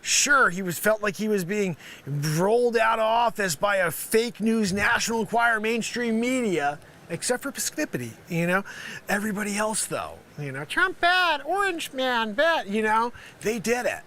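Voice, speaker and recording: A man's voice: high voice, lively intonation, normal speed, fairly bright tone, a little hiss or hum. A man hosting a live stream, riffing through an improvised comedy bit as a street reporter with rambling, teasing asides. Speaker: live-stream variety host.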